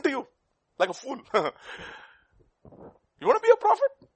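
A man preaching a sermon, swinging between loud bursts and hushed asides. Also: very high voice, wildly swooping pitch, moderate pace, long pauses.

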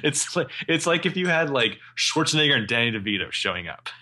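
A man's voice: mid-range voice, fairly quick. A man co-hosting a casual podcast, joking and swearing as he discusses a TV show. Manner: relaxed, jokey, swears. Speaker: podcast co-host. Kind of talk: casual chat.

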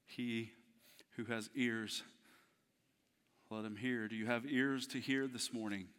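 A man in his thirties preaching a heartfelt sermon as pastor to his church, moving between hushed, tender passages and loud, fervent ones. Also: medium pitch, fairly even intonation, slow pace, clear, resonant tone. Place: church service in a theater. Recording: long hall reverb.

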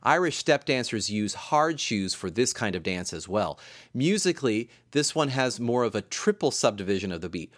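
A male composer giving a recorded spoken lecture on dance rhythms, measured and explanatory, counting beats aloud in a softer voice. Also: mid-range voice, lively intonation, dry recording. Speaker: composer and music teacher. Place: room in campus music building.

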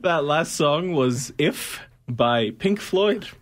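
A man's voice: on the high side, expressive, slow. A young man from Egypt co-hosting a campus radio show, joking dryly and talking about music. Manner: dry, joking, talks music knowledgeably. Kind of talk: casual campus radio banter. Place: radio studio booth.

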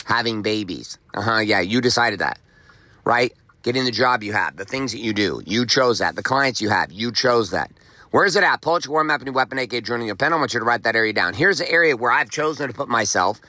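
Bright-voiced motivational podcast man. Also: medium pitch, expressive, quick pace, no room sound. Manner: emphatic, profane, repeats phrases for effect. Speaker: podcast host. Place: outdoors walking in the rain.

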